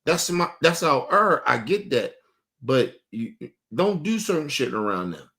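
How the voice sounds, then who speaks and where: Man hosting podcast, casual profane chat, lively up-and-down voice, a bit high. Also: a little slow. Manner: profane, animated storytelling with acted-out quotes. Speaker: podcast host. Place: home studio, streaming.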